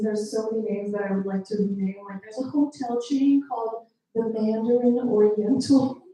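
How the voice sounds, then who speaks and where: Deadpan woman comic in a roomy club. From Mongolia. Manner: deadpan asides, jumps to high put-on voices for quotes. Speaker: stand-up comedian. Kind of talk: stand-up comedy set. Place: small comedy club stage. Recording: roomy club sound from a distance.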